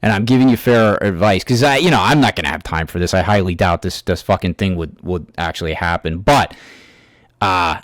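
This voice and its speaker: A man's voice: sits low, dry recording. Angry, foul-mouthed man ranting, dry sound. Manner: angry, heavily profane ranting; halting, with restarts and fillers. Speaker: YouTube commentator. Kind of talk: ranting reaction commentary.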